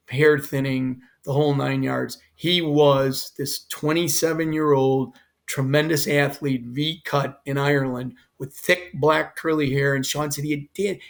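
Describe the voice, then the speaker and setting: A man's voice: on the high side, creaky. An older man, a former fire chief, telling an emotional personal story in earnest detail as a podcast guest. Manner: earnest, quotes others in his own voice.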